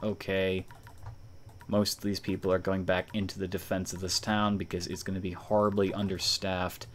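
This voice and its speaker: A man's voice: low voice, level tone, moderate pace. A man giving casual live commentary on a game he plays, playful and teasing toward enemies, talking from a room at home. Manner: playful, taunts enemies, chuckles. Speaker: streamer. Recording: noisy, keyboard typing audible.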